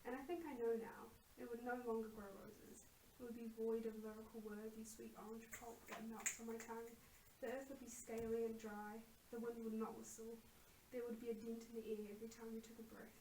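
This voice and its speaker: A woman poet reading her poem softly and measuredly, then chatting about her writing. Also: on the high side, flat delivery. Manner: soft measured recitation. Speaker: guest poet. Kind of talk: poetry reading and casual chat. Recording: roomy, distant mic, faint hiss.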